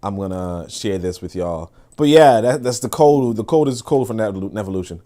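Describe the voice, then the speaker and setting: A man hosting a casual commentary livestream, profane and laughing often, swinging between loud outbursts and low mutters while talking to his chat. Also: lively intonation, normal speed. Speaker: livestream host reacting to a video.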